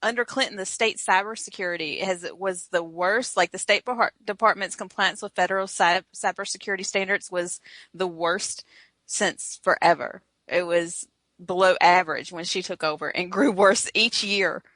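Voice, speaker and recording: A woman's voice: on the low side, steady tone, normal speed, a bit bright, no room sound. A Southern woman co-hosting a podcast, chatty and opinionated, often laughing. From American South. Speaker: podcast co-host. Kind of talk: casual chat.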